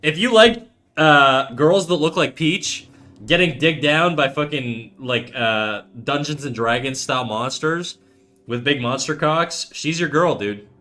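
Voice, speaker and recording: Bright-voiced man in his thirties, casual streamer. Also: fairly high pitch, unhurried. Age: 30s. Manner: profane, laid-back, reads chat aloud. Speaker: art livestreamer. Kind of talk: casual livestream chat.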